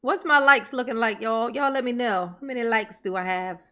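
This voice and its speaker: A woman with a bright, fairly high voice talks over a clip in casual, sarcastic commentary. Her tone is mocking and teasing, and she often breaks into laughter. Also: normal speed. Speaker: commentary streamer.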